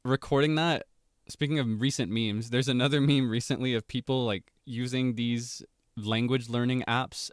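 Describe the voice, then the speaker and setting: A man's voice: medium pitch, clean tone, dry recording, clean studio sound. Playful, chatty male streamer. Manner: animated and playful, laughs often, jumps between topics. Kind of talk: casual livestream chat.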